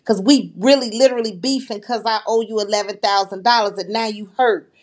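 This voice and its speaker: A woman's voice: medium pitch, steady tone, fairly quick. A woman, hosting a casual livestream and recapping a video in an agreeable, chatty way. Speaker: livestream host.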